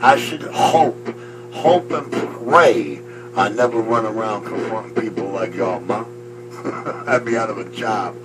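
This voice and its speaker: Boastful ranting man over loud music. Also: lowish voice, unhurried, distant mic, rough recording. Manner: boastful, insulting, loud outbursts. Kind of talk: ranting street argument.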